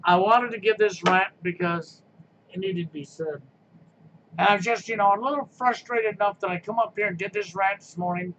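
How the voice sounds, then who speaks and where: A man's voice: high voice, moderate pace, a bit bright, muffled recording, slight background noise. A man giving a sarcastic, mocking rant on a live stream, blunt and frustrated in tone.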